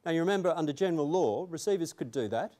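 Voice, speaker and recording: A man's voice: fairly high pitch, expressive, quick pace, mellow. A man presenting a legal seminar to an audience in a room, talking conversationally with emphatic asides.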